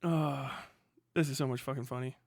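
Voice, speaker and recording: A man's voice: medium pitch, steady tone, normal speed, darkish tone, no room sound, clean studio sound. A man streaming live, chatting in a rambling, profane way and laughing often. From United States. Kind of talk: casual live-stream commentary.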